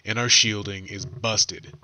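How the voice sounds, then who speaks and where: A man voicing a gruff human spaceship engineer, speaking quietly with a waver of resolve, heard at a distance. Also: on the low side, fairly even intonation, measured pace. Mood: resigned. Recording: distant, as if over a hissing security recording.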